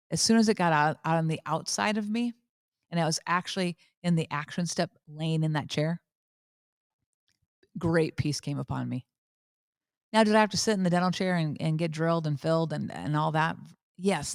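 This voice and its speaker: A woman in her fifties, a podcast host, talks candidly and with animation. Her voice sits low for a woman. The recording is close and dry, with no room sound. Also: dry recording. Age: 50s. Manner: candid, animated storytelling with repetition. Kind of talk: casual faith talk.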